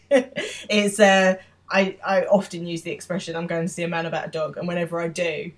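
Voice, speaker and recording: Podcast co-host, mid-pitched voice, casual scene-by-scene recap, light fillers. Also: steady tone, moderate pace.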